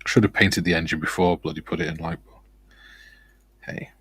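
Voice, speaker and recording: A man's voice: low-pitched, little pitch movement, moderate pace, fairly bright tone, breathy edge, dry recording. A man co-hosting a model-building stream, chatting casually and reading out viewer comments, laughing easily.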